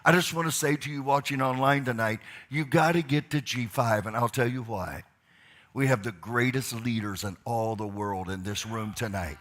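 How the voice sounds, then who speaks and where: A man's voice: medium pitch, moderate pace, fairly bright tone. A man hosting a church leadership night, rallying the crowd with jokes and enthusiastic preaching. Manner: enthusiastic, joking, rallies the crowd. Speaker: pastor and leadership event host. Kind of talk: energetic sermon and hype.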